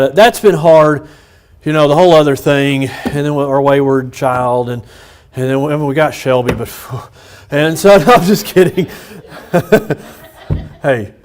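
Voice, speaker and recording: A man's voice: mid-range voice, slight background noise. A middle-aged man, a pastor teaching a Bible study in a loose, personal way, with restarts and chuckles.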